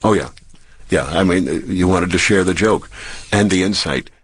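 Deep-voiced older male storyteller. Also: moderate pace, breathy edge, dry recording. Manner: relaxed storytelling. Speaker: former DJ interviewee. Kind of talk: anecdotal interview.

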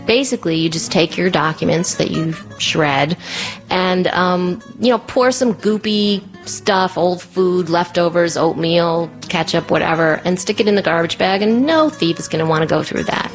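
Woman, storyteller, low voice, animated, breathless, self-deprecating, faint music behind. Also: moderate pace. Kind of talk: personal story told to an audience.

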